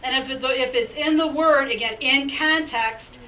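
A woman's voice: sits high, normal speed, pushed and bright, far from the mic, a little hiss or hum, low-quality recording. A woman pastor preaching a sermon in an emphatic, conversational way, with chatty asides.

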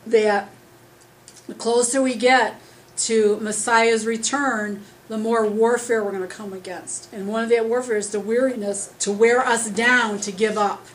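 A woman preaching an earnest, rambling sermon as she starts losing her voice, talking loud without a microphone. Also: on the high side, steady tone, unhurried, low-quality recording. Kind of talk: conversational sermon. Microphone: speaking loud without a microphone.

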